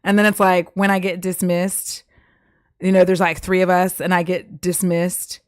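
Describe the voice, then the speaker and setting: A woman's voice: lowish voice, little pitch movement, normal speed, no echo, clean studio sound. A young woman streaming from home, chatting casually with lots of giggles and filler words. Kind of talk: casual live-stream chat.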